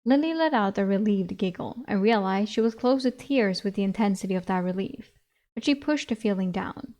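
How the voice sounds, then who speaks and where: A woman streamer reading a novel aloud in a relaxed, conversational way. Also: mid-range voice, moderate pace. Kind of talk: casual read-aloud narration.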